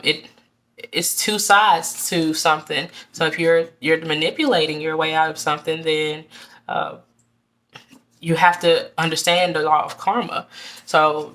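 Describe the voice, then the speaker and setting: A woman with a low, bright voice gives a casual tarot reading to her viewers. She talks earnestly and repeats herself, often stopping to restart a thought. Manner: earnest, repetitive, addressing viewers directly. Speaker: tarot reader.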